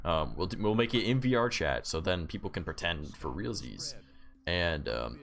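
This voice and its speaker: A man's voice: deep voice, very animated, normal speed, vocal fry, fairly bright tone. A man streaming live, chatting casually and sarcastically, rambling and swearing freely. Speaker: livestreamer.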